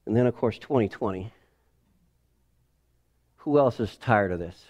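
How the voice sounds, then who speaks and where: A man in his forties preaching a sermon in a casual, animated way, acting out family scenes. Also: fairly low pitch, a little slow. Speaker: pastor. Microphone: headset or lapel mic.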